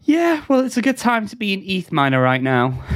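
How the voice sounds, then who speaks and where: A man co-hosting a casual news podcast, reading stories and often breaking into giggles. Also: high voice. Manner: keeps breaking into laughter. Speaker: podcast co-host.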